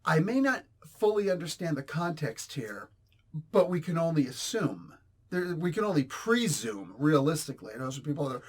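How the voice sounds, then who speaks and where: A man reviews a comic book in a blunt, rambling, exasperated rant. His voice sits slightly high for a man. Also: big pitch swings, normal speed, husky. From New Jersey, US. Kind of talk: casual ranting review.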